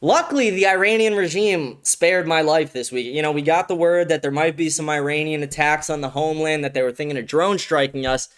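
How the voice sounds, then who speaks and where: A man's voice: on the high side, fast talker, fairly bright tone, clear, resonant tone. A man hosting a casual livestream commentary show from a studio, crude and profane, laughing often. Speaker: host.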